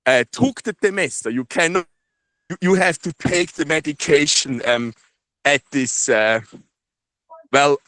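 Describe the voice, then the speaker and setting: Halting Swiss German-accented man on a call. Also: on the high side, fairly bright tone, no echo. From Switzerland. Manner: halting, many fillers and restarts, laughs often. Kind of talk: casual phone call debrief. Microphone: phone.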